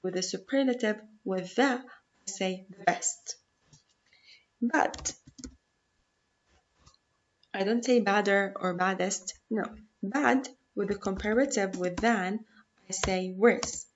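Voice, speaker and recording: A woman's voice: mid-range voice, takes it slowly, pauses often. Patient woman teaching grammar, lo-fi. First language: Arabic. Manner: patient, repeats rules, checks with "okay?". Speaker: English teacher. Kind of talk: recorded grammar lesson.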